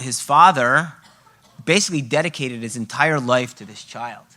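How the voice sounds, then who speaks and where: Guy running a parenting workshop for a live crowd, bright voice, emphatic, keeps going "okay? right?". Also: medium pitch. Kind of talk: live workshop talk to an audience. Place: room with a live audience.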